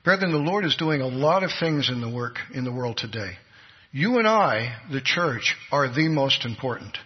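Animated and husky, a man with a mid-range voice preaches at a normal pace, earnestly storytelling and voicing the figures in his tale. The recording sounds dull, and the hall's reverb runs long.

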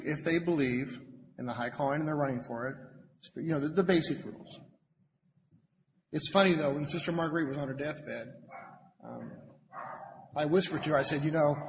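Halting male lay preacher in a reverberant hall. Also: fairly high pitch. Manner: conversational, halting, repeats words while searching for them. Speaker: lay preacher at a Bible study meeting. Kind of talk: informal sermon. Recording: lo-fi with long hall reverb, faint noise.

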